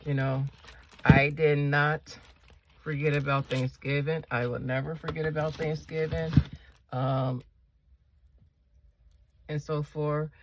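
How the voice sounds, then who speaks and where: A woman with a gravelly, unhurried voice talks through her planner decorating at home. She rambles easily and keeps turning to viewers with questions. Faint keyboard clicks sit in the background. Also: a bass voice, a little hiss or hum. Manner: chatty, asks viewers questions; rambling, slow and relaxed. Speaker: planner vlogger. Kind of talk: casual chat while decorating a planner.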